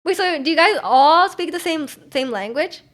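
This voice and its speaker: A woman's voice: high-pitched, animated, moderate pace, fairly bright tone. A young woman from North America, hosting a livestream and chatting casually in a rambling, giggly way with lots of fillers. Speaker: livestream host. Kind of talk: casual stream chat.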